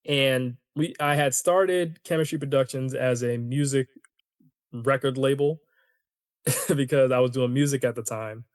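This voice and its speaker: A man hosting a solo podcast, ranting in an animated, opinionated way and talking to his listeners as "y'all". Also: mid-range voice, measured pace, no echo, studio quality. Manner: conversational, addresses listeners as y'all. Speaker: podcast host.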